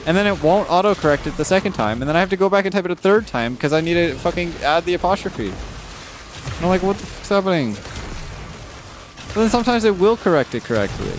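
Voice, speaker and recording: A livestreamer with a lively, slightly fast delivery rants casually on his live stream as he reads chat comments, swearing often. His pitch climbs in exasperation, and faint music plays behind him.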